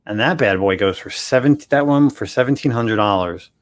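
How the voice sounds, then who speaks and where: A man co-hosting a casual chat, going over prices and sales figures in a relaxed way. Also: mid-range voice, normal speed. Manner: relaxed, talks through prices and sales data. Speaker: co-host. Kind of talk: casual comic book collecting chat.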